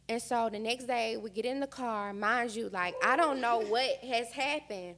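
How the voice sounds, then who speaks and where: A young American woman speaks on a podcast with a fairly high, gravelly voice. She tells her story candidly and with feeling, animated and open. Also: normal speed, hardly any pauses. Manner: emotional, frank, animated retelling. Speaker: podcast guest. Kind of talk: candid storytelling in casual chat.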